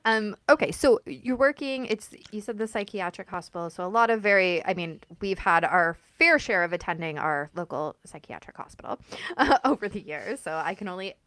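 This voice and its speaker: A woman's voice: mid-range voice, lively intonation, moderate pace, a bit bright, no room sound. A woman hosting a podcast who chats casually and tells side stories, acting out bits of dialogue. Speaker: podcast host. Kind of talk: casual interview chat.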